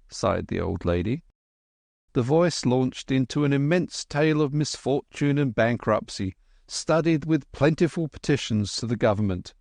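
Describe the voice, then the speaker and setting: A male audiobook narrator who reads a classic adventure novel in a measured, even way. He speaks slowly at a middling pitch, and the recording is dry and close. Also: gravelly, no echo. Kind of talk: scripted narration.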